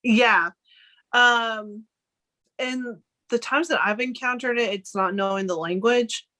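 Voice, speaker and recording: A woman's voice: fairly high pitch, slow pace, sharp tone. A young woman from Arkansas speaks as a guest on a podcast. Her delivery is earnest and conversational, dotted with casual fillers as she makes her points. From Arkansas, United States.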